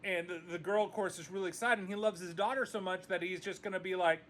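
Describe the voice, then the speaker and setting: A man's voice: high voice, fairly even intonation, fast talker, fairly bright tone, a little hiss or hum. A man reviewing a movie in a casual video, ranting with exasperation and frequent swearing.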